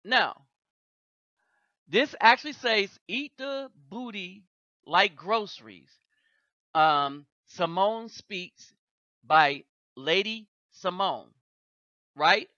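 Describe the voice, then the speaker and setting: A host giving reaction commentary, deliberate and checking in with rhetorical questions. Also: medium pitch, animated, bright, forceful tone, no room sound, lo-fi sound.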